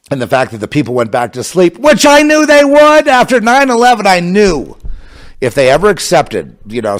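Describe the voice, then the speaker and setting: A man delivering an impassioned religious monologue, fervent and sarcastic, with bursts of scornful laughter. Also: medium pitch. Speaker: religious commentator.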